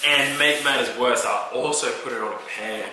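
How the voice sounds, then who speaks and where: A man's voice: medium pitch, moderate pace. Slangy young man vlogging from his kitchen. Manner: slangy, rambling, talks to camera while cooking. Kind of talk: casual cooking vlog. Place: home kitchen. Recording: echoey kitchen with clear background noise.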